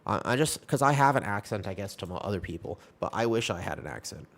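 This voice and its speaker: A man's voice: lowish voice, very animated, quick pace, a bit bright. A young man streaming a game, chatting casually with his viewers in a rambling, upbeat and reassuring way. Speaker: live streamer. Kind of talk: casual live-stream chat.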